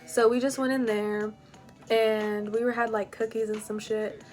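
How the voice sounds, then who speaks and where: A woman's voice: on the high side, flat delivery, unhurried, a little mellow, soft background music. Rambling young woman telling a story. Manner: rambling, full of "like" and "you know". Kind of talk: casual storytime.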